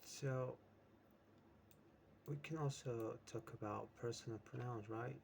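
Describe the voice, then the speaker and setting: Man, English teacher, slow and patient, checks in with "right?", faint noise behind. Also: medium pitch, steady tone, gravelly, darkish tone. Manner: explains with examples, asks "right?" often.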